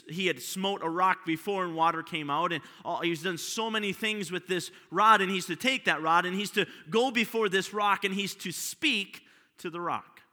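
A pastor preaches a sermon to his congregation, often posing rhetorical questions to them. His fairly high voice sounds pushed and bright, and the recording has a long hall reverb.

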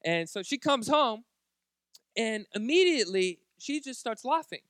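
A man's voice: very high-pitched, big pitch swings, a little slow, fairly bright tone, no room sound, clean studio sound. A man preaching a sermon at a church service, joking and chatting directly with the congregation. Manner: jokey, chatty, talks straight to the congregation. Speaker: pastor.

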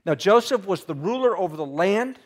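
Man, preacher, higher-pitched voice, casual sermon, everyday retelling, questions to the congregation. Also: lively intonation, a little fast. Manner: retells scripture in casual everyday words, asks listeners questions. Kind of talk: conversational Bible teaching.

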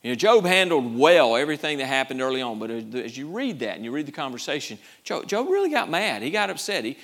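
A man preaching a sermon, repeating himself and swinging between loud bursts and quiet asides. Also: medium pitch, very animated, quick pace, hardly any pauses.

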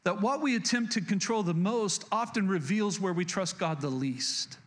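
A pastor preaching a sermon, earnest and repeating key lines for emphasis, with frequent restarts. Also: male voice, high voice, normal speed.

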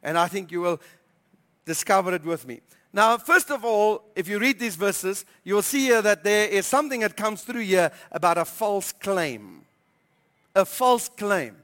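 A man preaching as pastor, emphatic and repeating key phrases, slowing down to stress scripture. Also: high voice, lively intonation, bright, forceful tone, in a large hall. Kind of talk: sermon. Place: church hall.

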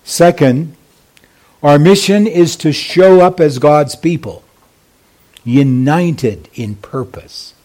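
A man as pastor, preaching a sermon slowly and deliberately with emphatic pauses. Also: fairly high pitch, darkish tone.

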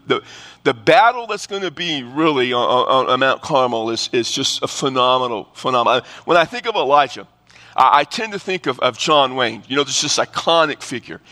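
A male pastor preaching a sermon, telling stories with humor and plenty of restarts. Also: medium pitch. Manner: animated storytelling with humor and repeated restarts. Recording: long reverb of a large hall.

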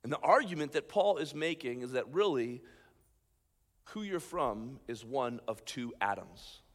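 A man, a pastor, preaching a sermon with animated emphasis, swinging between loud points and quiet asides. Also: medium pitch, a little slow. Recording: long hall reverb.

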